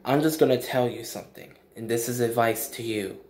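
A man's voice: medium pitch, fairly quick, darkish tone, slight background noise. A young man ranting in a vlog, emphatic and blunt, repeating his points with slang. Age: young adult. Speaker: vlogger. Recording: echoey room.

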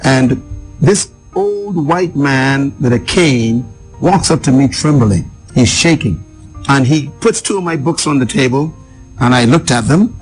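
A man's voice: medium pitch, animated, measured pace, faint music behind. A man from the Bahamas, telling a personal story as a guest in an emphatic, dramatic way.

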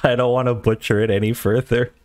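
A man's voice: medium pitch, level tone, a little fast, a little mellow. A young man livestreaming a strategy game, chatting casually and laughing often in a flustered, self-mocking way. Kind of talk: casual gaming stream chat.

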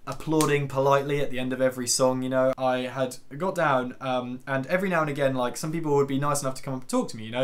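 A young man in his twenties telling a self-deprecating story for his vlog, rambling with fillers and asides. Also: mid-range voice. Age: 20s. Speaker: YouTuber.

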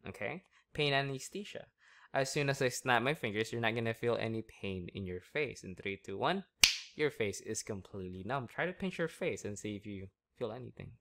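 Soft-spoken male hypnotist. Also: mid-range voice. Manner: slow, soft induction patter, then chatty with laughter. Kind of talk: hypnosis session.

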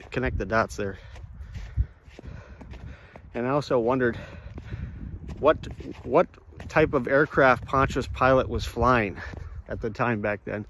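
A man's voice: medium pitch, a bit bright. Male vlogger, walk-and-talk, meandering delivery with restarts, faint noise behind. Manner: halting, restarts, chuckles, addresses viewers as folks. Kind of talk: rambling walk-and-talk monologue. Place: outdoors on a walk among trees.

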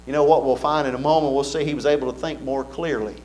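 A man's voice: medium pitch, fairly even intonation, quick pace, darkish tone. A man preaching an earnest sermon in a church, building fervor with repeated phrases.

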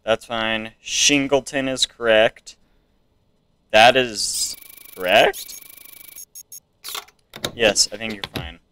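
A man's voice: fairly low pitch, takes it slowly, long pauses, bright, forceful tone, a little hiss or hum. An American man casually commenting to himself while playing a video game. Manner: musing, talking to himself. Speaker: gamer. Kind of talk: let's play commentary.

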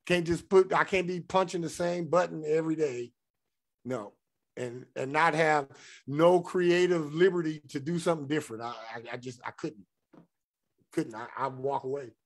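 A man's voice: on the high side, normal speed. A middle-aged man hosting a spiritual podcast, reading passages aloud and then riffing on them in a candid, profane, personal way. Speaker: podcast host. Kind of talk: casual spiritual monologue.

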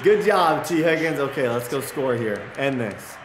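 A young man playing a football video game, reacting loudly and cheering or yelling at each play as a gaming commentator. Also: mid-range voice, moderate pace, reverberant, a crowd in the background. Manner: excitable, yells and cheers at plays. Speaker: gaming YouTuber.

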